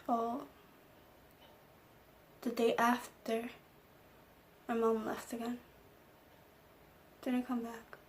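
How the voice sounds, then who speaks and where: A woman vlogger telling a personal story in a soft, low-key storytime chat. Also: completely flat delivery, drawn-out words, long pauses, a little hiss or hum. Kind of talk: casual storytime.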